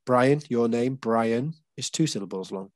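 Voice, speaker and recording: A man's voice: mid-range voice, unhurried, a little mellow, dry recording. An English man leading a casual group session, explaining patiently with many fillers and restarts. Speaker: workshop leader.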